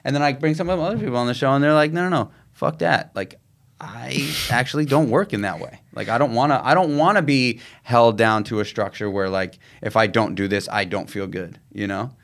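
A man's voice: medium pitch, fairly quick, a bit bright. A man hosting a podcast, talking casually and animatedly, swearing and filling his speech with "like". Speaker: podcast host. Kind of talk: casual conversational interview.

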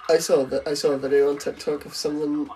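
A woman's voice: low voice, flat delivery, brisk, mellow, faint music behind, low-quality recording. A young woman co-hosting a casual watch-along podcast, joking bluntly and swearing freely. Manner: blunt, jokey, sweary banter. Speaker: podcast co-host.

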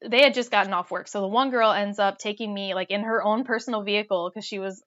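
A young woman telling a personal story in casual chat, animated and full of "like" fillers. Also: medium pitch, quick pace. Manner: animated, lots of "like" fillers, laughs while telling. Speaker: storyteller guest. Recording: dull lo-fi sound.

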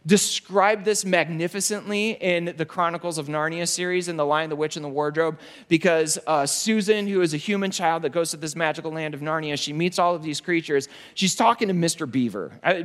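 A male pastor with a somewhat high voice for a man preaches in an emphatic style, repeating key phrases. To drive a point home, he slows down and drops his voice low and quiet for weight.

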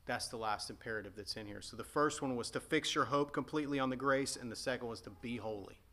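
Male pastor, earnest emphatic sermon delivery, bright tone. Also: medium pitch, fast talker. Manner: earnest, emphatic preaching with frequent restatements.

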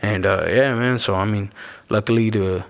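A man's voice: on the low side, steady tone, moderate pace. A man from Arizona telling a story as a podcast guest, slangy and laid-back, dropping "bro" and "you know what I'm saying" into every line. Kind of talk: casual storytelling. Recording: long echoing reverb.

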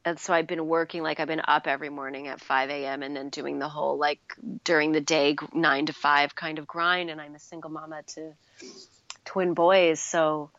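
A woman's voice: sits low, flat delivery, moderate pace, a bit bright, dry recording, muffled recording. A woman with a New York accent, a guest on a casual podcast, talking earnestly and with enthusiasm over a remote call. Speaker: guest, chocolate maker.

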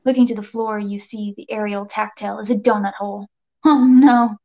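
A woman's voice: mid-range voice, flat delivery, fast, a little mellow. A woman narrating a comic second-person adventure story with playful, dramatic delivery and jokey asides.

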